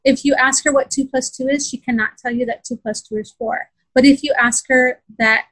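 A woman's voice: fairly high pitch, fairly even intonation, normal speed, breathy edge, no room sound, rough recording. A woman in a casual interview, earnestly telling how her daughter struggled, with many fillers and restarts. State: close to tears. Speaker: parent describing her daughter's learning.

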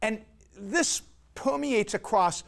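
A man's voice: sits high, takes it slowly, creaky, a bit bright. A man giving an argumentative lecture, emphatic and sarcastic, peppering his points with rhetorical questions and "right?".

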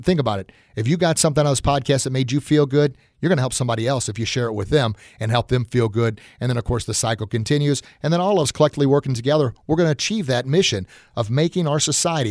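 A man hosts a motivational podcast in a folksy, encouraging manner, full of fillers. His voice sits at a middle pitch and sounds dry and close to the mic. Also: darkish tone, no room sound. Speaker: podcast host. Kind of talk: motivational talk.

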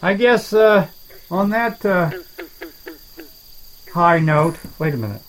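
A man voicing a rambling, self-deprecating alligator in a swamp, talking in halting starts in a comedy dialogue. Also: high voice, a bit bright, low-quality recording. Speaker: main character of a comedy podcast.

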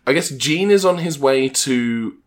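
Lively, animated male podcast co-host. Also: medium pitch, measured pace. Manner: animated, jokey, wry asides. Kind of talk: casual comedic movie-review chat.

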